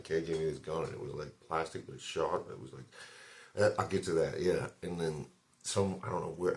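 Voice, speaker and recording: A man vlogger telling a long story in a loose, rambling way, swearing often and filling gaps with "like" and "dude". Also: very deep voice. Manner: rambling, profane, loose retelling full of fillers. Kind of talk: casual storytelling.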